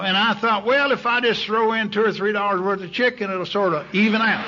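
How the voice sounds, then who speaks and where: A middle-aged man from Texas telling his recovery story at a meeting, folksy and candid, his voice sinking low in the hard parts. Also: noisy background. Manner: folksy, candid, drops to near silence in heavy moments. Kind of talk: storytelling talk. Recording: dull lo-fi tape recording.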